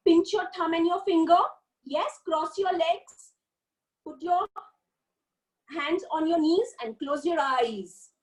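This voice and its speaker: A woman's voice: very high-pitched, takes it slowly, long pauses, low-quality recording. A woman teaching a lesson to young children, drawing out sounds in a sing-song, coaxing way. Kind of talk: online kindergarten lesson.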